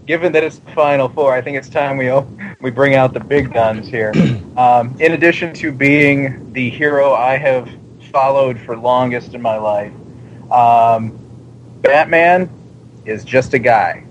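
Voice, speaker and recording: Measured male panelist on a dull line. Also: medium pitch, a little hiss or hum. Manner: measured, many pauses and fillers. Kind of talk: casual panel chat.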